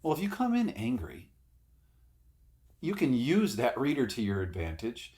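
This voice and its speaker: A man's voice: mid-range voice, huge pitch swings, normal speed, a little mellow. Middle-aged guy coaching actors, blunt and emphatic, swears casually, plain mid voice. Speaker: acting coach. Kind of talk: casual spoken acting advice.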